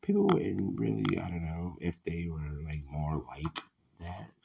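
A man ranting in a casual voice message, venting with heavy profanity and many fillers, getting loud and heated at times. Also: sits low, animated, measured pace, creaky, lo-fi sound, noisy background. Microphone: voice message recording.

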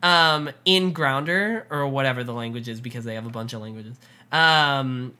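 A woman co-hosting a casual recap podcast, excited and quick to laugh as she talks through scenes with many fillers. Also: very deep voice. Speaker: podcast co-host.

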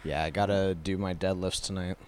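A man's voice: low-pitched, fairly even intonation, a little fast, a little hiss or hum. A man co-hosting a casual podcast, laid-back with dry one-liners. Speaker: podcast co-host.

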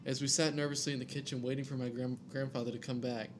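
With a level tone and medium pitch, a man reads a scary story out loud at a quick pace. The read is casual: he makes jokey asides, stumbles over names, and has faint music playing underneath.

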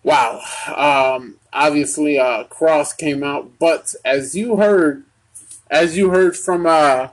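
Young male podcast host, unhurried and hesitant, fairly high husky voice. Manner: slow, halting, many ums and restarts. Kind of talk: casual wrestling recap.

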